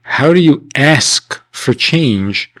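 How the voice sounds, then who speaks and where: A man, a rabbi, teaching a class in a conversational way, asking rhetorical questions and acting out questioners in sudden high voices, on an archival 1990s class recording. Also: animated, drawn-out words, a bit bright, rough recording. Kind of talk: animated classroom lecture.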